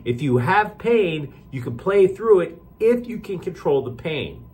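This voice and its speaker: A man's voice: fairly high pitch, big pitch swings, unhurried, a little mellow. A man hosting a daily sports news report, delivering it with sarcastic wisecracks.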